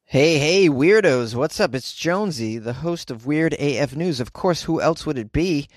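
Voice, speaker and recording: A man's voice: a little high, animated, normal speed, no echo, studio quality. A man hosting his own podcast, chatting casually and joking, with many fillers and restarts. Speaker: podcast host. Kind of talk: casual solo podcast talk.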